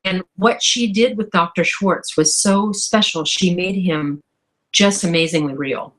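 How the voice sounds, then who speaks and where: A woman's voice: on the low side, measured pace, a bit bright. A woman author answering interview questions in a thoughtful, enthusiastic way. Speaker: author guest.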